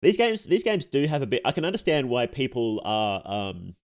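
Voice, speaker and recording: A young male VTuber chats casually with his viewers while playing a game. His pitch moves around a lot. He laughs often, reads messages aloud and trips over his sentences before restarting them. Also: very animated, normal speed. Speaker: VTuber streamer. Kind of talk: casual live-stream chat.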